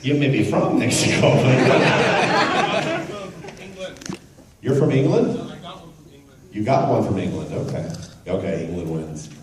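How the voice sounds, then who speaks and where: A man's voice: medium pitch, very animated, slow, pauses often. A middle-aged man, a voice actor, joking with a convention audience and drifting off on tangents. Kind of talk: casual convention panel talk. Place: large convention hall. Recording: echoey hall, taped from far off, crowd noise. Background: audience laughter and crowd.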